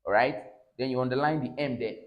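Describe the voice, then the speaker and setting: A man's voice: medium pitch, a little fast. A man teaching English pronunciation, drilling each example word and tagging his lines with "all right?". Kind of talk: classroom phonics lesson. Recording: roomy echo.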